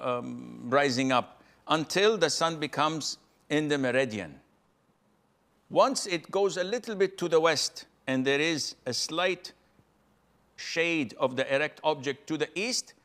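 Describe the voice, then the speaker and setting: A male scholar answers a caller's religious question, explaining calmly and step by step. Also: mid-range voice. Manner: calm, step-by-step teaching.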